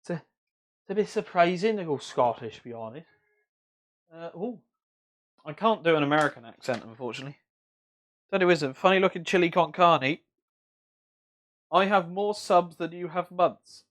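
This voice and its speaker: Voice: mid-range voice, animated, moderate pace, long pauses. A streamer chatting casually on a live repair stream, swearing freely and reading viewer messages aloud.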